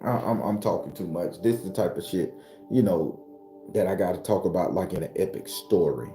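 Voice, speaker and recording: A man delivers an unscripted spiritual talk, blunt and full of profanity. His voice is mellow and dark, and it jumps higher and louder when he gets worked up. The room is echoey, with faint music behind him. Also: fairly quick. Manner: gets loud and high-pitched when fired up. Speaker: spiritual teacher.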